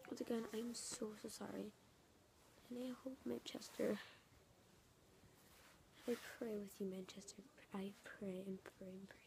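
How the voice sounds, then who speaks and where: A woman vlogging in an earnest, emotional way, with a slight gravelly edge. Her tone is mellow and warm rather than bright. She slips between plain talk and a soft half-whisper, circling back to the same phrases. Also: medium pitch, flat delivery, measured pace, pauses often, slight background noise. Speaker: YouTuber. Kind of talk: emotional casual vlog. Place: home in San Francisco.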